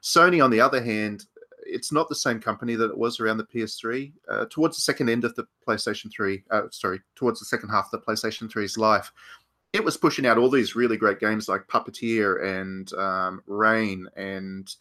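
Bright-toned man musing in casual chat. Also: fairly low pitch, brisk. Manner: thoughtful, rambling, frequent restarts. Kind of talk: casual panel discussion.

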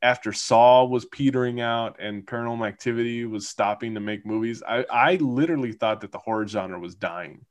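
Man, podcast co-host, casual chat, rambling, frequent laughs, mid pitch. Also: brisk, hardly any pauses. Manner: rambling, laughs often, many fillers.

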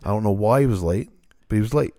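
Male co-host, low and gravelly; loose, rambling, profane chat. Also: fast talker, mellow, no room sound, studio quality. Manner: rambling, loose, swears freely. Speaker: podcast co-host. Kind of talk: casual chat.

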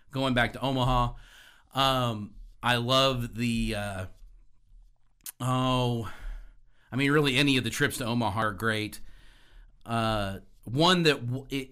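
A man's voice: mid-range voice, pushed and bright, smooth. A man co-hosting a sports radio show, telling a story animatedly and laughing as he talks. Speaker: radio co-host.

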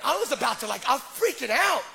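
A middle-aged male pastor tells self-deprecating stories in an animated sermon, often restarting his sentences. His voice sits very high and bright, with a gravelly, husky texture. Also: a little fast, slight background noise. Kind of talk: sermon with personal storytelling.

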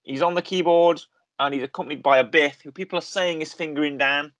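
A man's voice: a little high, fairly even intonation, fast, a bit bright, dry recording. A man co-hosting a podcast in casual chat, rambling and correcting himself often, with lots of fillers. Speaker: podcast co-host. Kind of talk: casual chat reviewing a series.

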